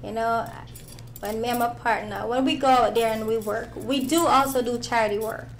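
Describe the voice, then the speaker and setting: Give me a playful Jamaican woman comedian with a slightly high voice. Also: fairly even intonation, normal speed, a little hiss or hum. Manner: playful, joking. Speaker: stand-up comedian. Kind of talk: interview answers.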